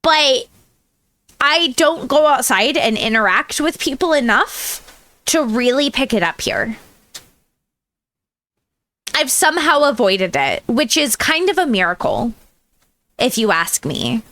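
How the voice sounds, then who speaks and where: Bright, lively American woman streamer. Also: high voice, slow, pauses often. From United States. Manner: rambling, chatty, laughs often, answers chat. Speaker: VTuber streamer. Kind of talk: casual livestream chat.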